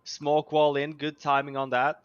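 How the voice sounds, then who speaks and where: A man casting esports as analyst, measured and explanatory. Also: fairly high pitch, monotone, clean tone, dry recording, highs cut off. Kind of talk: analytical commentary.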